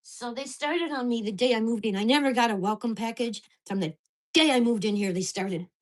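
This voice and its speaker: A woman's voice: on the high side, brisk. Agitated older woman venting. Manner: agitated, swearing rant. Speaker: vlogger. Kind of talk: venting to camera. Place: at home in a mobile home park.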